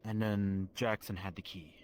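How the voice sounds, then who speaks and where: Deep guy talking haltingly through what happened, lots of ums, faint hum behind. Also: steady tone, a little mellow. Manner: hesitant, halting, full of ums and restarts. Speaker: witness recounting events. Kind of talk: in-character roleplay testimony.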